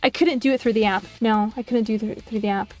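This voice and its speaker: A woman's voice: fairly high pitch, steady tone, a little fast, faint music behind. A woman streamer chatting casually while she draws, telling a story with lots of swearing and mocking voices. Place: home streaming setup.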